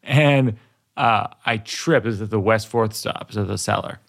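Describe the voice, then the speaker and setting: A man's voice: lowish voice, measured pace, gravelly. A man in his forties, a stand-up comedian, telling a rambling, self-deprecating story in casual chat while working through jokes. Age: 40s.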